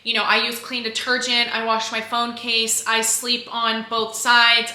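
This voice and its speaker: Bright-voiced chatty young woman. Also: a little high, completely flat delivery, unhurried, few pauses, roomy sound. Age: 20s. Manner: chatty, candid, lots of "like" and restarts. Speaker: vlogger. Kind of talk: casual chat to camera.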